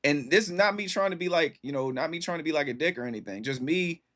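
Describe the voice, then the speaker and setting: A man's voice: on the high side, expressive, fast, a bit bright. A man in his thirties hosting a casual livestream, chatting with viewers in a laid-back, rambling way full of slang and fillers. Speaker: livestream host.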